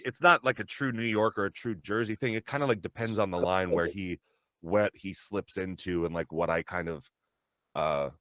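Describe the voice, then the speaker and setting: A man who works as a voice actor talks loosely about his work, rambling, restarting his sentences and laughing at his own stories. His voice sits on the low side and sounds dry, as if it is close to the mic. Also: a bit bright, no echo. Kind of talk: casual chat.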